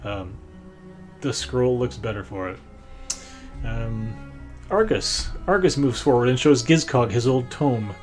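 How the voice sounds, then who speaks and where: A man's voice: mid-range voice, slow, long pauses. Man, game master, meandering, stop-start narration, faint guitar behind. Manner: rambling, many fillers and restarts.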